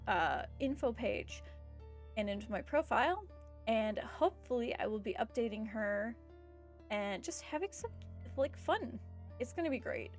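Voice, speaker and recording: A chatty woman closes out her stream, her voice sitting a little high as she rambles through plans with plenty of fillers. She has the hiccups, and faint music plays underneath. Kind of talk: casual stream sign-off chat.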